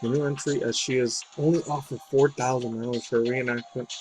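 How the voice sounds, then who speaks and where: Male gaming news commentator, casual rambling asides, slangy, mid pitch, faint game music behind. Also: fairly even intonation, fairly quick, a little mellow, rough recording. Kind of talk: casual commentary reading an article.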